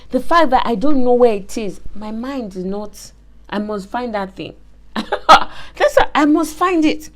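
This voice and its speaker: A woman hosting a faith-based motivational talk, telling stories emphatically with lots of repetition. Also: fairly high pitch. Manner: animated, emphatic storytelling with repetition. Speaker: host.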